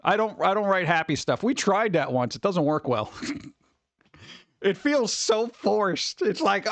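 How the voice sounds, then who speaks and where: High-sitting and very animated, this middle-aged man's fairly bright voice moves at an unhurried pace in a dry recording. He's an over-caffeinated stream host rambling casually with his viewers, swearing and playing out the characters he brings up.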